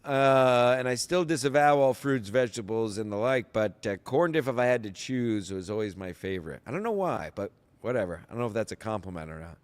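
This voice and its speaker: A man's voice: mid-range voice, expressive, brisk, hardly any pauses, big-room sound. A man hosting a podcast in casual solo chat, rambling, sarcastic and profane. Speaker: podcast host.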